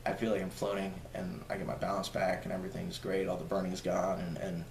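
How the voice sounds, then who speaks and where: A man's voice: sits low, monotone, quick pace, vocal fry, a little mellow. A man who does stand-up comedy, telling stories in a casual interview, rambling with many restarts and repeated words. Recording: echoey room with faint noise.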